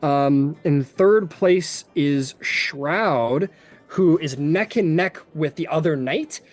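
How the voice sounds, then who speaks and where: Chatty, fairly high-voiced game master. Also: male voice, slow, faint music behind. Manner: casual, chatty, with fillers and laughs. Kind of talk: narrating a tabletop game.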